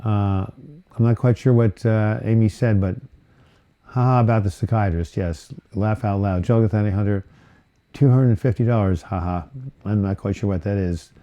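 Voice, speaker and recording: A man with a low, very dark and mellow voice hosts a casual live chat about mental health. He reads viewers' comments aloud and answers them in a rambling, conversational way, full of fillers and restarts. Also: steady tone, normal speed, highs cut off. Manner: rambling, chatty, with frequent fillers and self-corrections.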